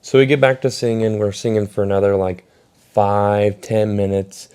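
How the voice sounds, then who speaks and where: A young man telling a casual storytime vlog, swearing a lot and acting out quotes loudly. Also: lowish voice, moderate pace, clear, resonant tone. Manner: animated, swearing, acts out quotes in raised voice.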